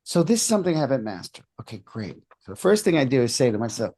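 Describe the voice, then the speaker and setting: A man on an interview show, telling a personal story in a lively way and acting out the other people's lines. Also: medium pitch, fast, hardly any pauses, slightly rough. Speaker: podcast guest, hypnotist.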